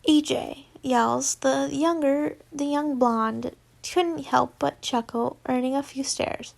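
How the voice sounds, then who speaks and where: Young woman reading fanfic out loud, high voice, slow, kinda gravelly, chatty asides. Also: fairly even intonation. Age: young adult. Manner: casual, stumbling reading with chatty asides and giggles. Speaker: fanfiction reader.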